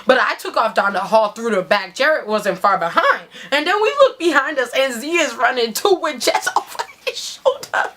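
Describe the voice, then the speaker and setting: A woman giving an animated dramatic reading of a story, swearing freely and breaking into shouts. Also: on the high side, normal speed.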